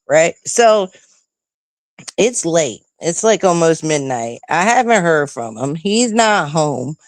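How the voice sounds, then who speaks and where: A middle-aged woman casually telling a story to her stream viewers in a profane, animated way, often checking in with "right?". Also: fairly low pitch, dry recording. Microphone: close streaming mic.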